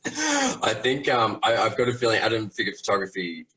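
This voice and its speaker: A man's voice: on the low side, huge pitch swings, moderate pace, pushed and bright, low-quality recording. A man who is a guest toy maker, chatting casually in a live Q&A, rambling and hesitant with plenty of fillers.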